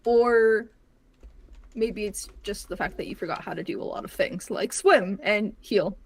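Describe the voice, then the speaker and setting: A woman's voice: medium pitch, unhurried. A woman player in a tabletop role-playing game who asks probing questions and laughs often. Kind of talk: in-character tabletop banter.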